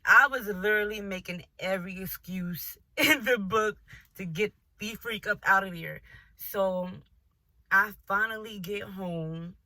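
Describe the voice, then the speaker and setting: A young woman vlogger telling a dating story in a casual, animated and profane way, often breaking into laughter. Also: on the low side, no room sound. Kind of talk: storytime vlog.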